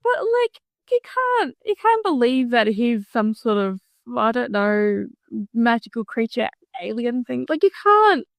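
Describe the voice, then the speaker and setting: A woman's voice: fairly high pitch, sing-song, a little slow, creaky, dry recording. A woman co-hosting a podcast, reacting to her co-host with incredulous questions and casual chat. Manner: reactive, incredulous, laughing asides. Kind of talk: casual film-review chat.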